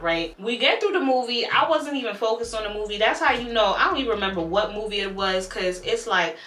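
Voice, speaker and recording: Young woman ranting a storytime, bright voice, cusses a lot, echoey room. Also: fairly high pitch, fairly quick, few pauses. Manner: animated, blunt, swears freely. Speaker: YouTuber telling a storytime. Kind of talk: casual storytime vlog.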